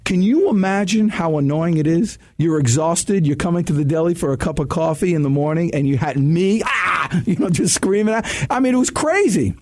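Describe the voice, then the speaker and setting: A middle-aged man giving sales advice in a radio studio, telling stories in an energetic, emphatic way with quick bursts and restarts. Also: on the high side. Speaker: sales coach guest. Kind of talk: casual radio chat, storytelling.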